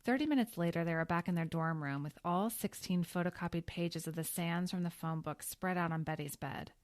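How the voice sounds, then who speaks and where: A woman narrating a story calmly and evenly, close to the mic. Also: fairly low pitch, fairly quick, dry recording. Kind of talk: scripted audiobook narration.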